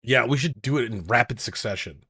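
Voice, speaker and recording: A man's voice: medium pitch, a little fast, pushed and bright, husky. A man co-hosting a podcast, dropping wry, joking interjections into a casual chat.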